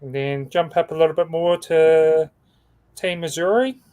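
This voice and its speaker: A man's voice: a little high, unhurried, warm tone, clear, resonant tone. A man co-hosting a casual livestream over a video call, talking through team standings and stumbling over names. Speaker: co-host reading team standings.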